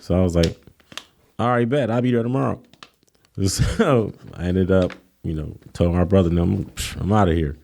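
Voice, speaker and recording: A man with a fairly low, dark and mellow voice tells stories in a relaxed interview. He acts out the people in his stories, jumping higher and louder for their lines. Easygoing and animated. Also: moderate pace, creaky, a little hiss or hum. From Kenosha, Wisconsin. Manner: animated storytelling, acts out quotes in a raised voice. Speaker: guest, college coach. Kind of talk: casual storytelling interview.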